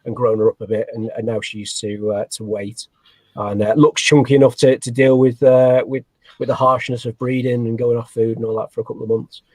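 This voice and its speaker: A man's voice: mid-range voice, little pitch movement, a little fast, a little mellow, dry recording. A man, a snake breeder guest, talking in a rambling, self-deprecating way with many fillers and restarts. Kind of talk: casual interview chat.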